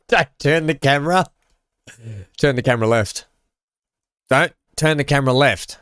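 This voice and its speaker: Speaking slowly, an Australian gaming streamer has a mid-range voice that's slightly bright, clear and resonant, captured dry in studio quality. He keeps up casual live chat with his viewers, full of jokes and frequent laughter.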